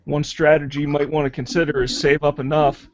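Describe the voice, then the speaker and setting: A man on a panel in a casual online hangout, explaining costs and strategy in a steady, practical way. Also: fairly high pitch, fairly quick. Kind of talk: casual live hangout chat. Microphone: video call. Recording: dry, dull lo-fi call audio.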